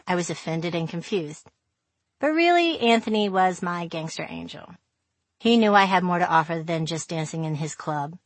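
A woman's voice: fairly low pitch, dry recording. A woman narrating her own memoir in a frank, wry, profane way, recorded on a close mic.

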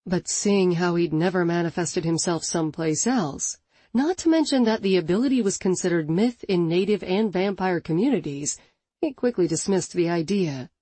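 Give me a woman narrating an audiobook with a dark, mellow tone, expressive and dramatic. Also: lowish voice, moderate pace, no room sound. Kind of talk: scripted narration.

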